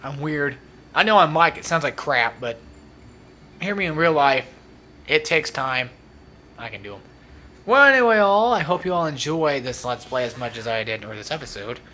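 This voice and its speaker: A man's voice: medium pitch, expressive, moderate pace, sharp tone. A young man rambling through casual gameplay commentary as a let's play host, talkative and self-mocking. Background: faint game music.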